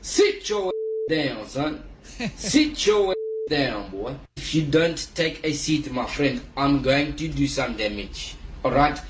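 A man's voice: medium pitch, very animated, slow pace, background noise. A man putting on a stern man ordering someone to sit. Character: man doing a string of accents, telling someone to sit down. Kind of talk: accent challenge clip. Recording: roomy clip played on air.

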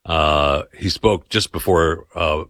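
A man's voice: rumbling low, takes it slowly, a bit bright, no room sound, studio quality. A man co-hosting a political talk radio show, bantering wryly and agreeing with his partner.

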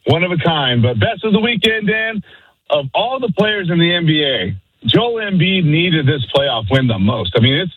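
Hyped high-voiced male caller. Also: moderate pace, slightly rough, no room sound. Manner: hyped, slangy, energetic. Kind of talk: calling into a radio show. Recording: muffled phone-in line.

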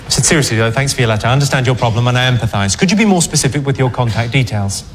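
A man doing a sardonic, deadpan stand-up routine. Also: medium pitch, very fast, heavy background noise. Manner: dry, sardonic, deadpan delivery. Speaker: stand-up comedian. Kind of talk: stand-up routine reading letters.

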